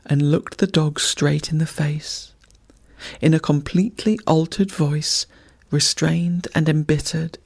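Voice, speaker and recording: A narrator reads a bedtime story slowly in a soft, half-whispered voice. The tone is gravelly and husky, and the recording is dry and close. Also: medium pitch, dry recording. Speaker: audiobook narrator.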